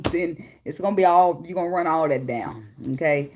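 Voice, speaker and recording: A woman's voice: on the low side, quick pace, hardly any pauses, a little mellow. A woman giving a casual tarot reading at home, talking bluntly with lots of profanity, laughing and now and then breaking into snatches of song. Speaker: tarot reader. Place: home, with a daughter nearby.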